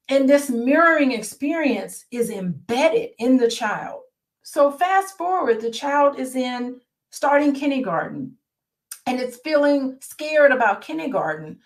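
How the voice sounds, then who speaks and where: Woman therapist, slightly high pitch, reads a book aloud and talks it through, friendly check-ins with the audience. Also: expressive, unhurried. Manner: conversational, checks in with listeners. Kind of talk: reading a book aloud and commenting.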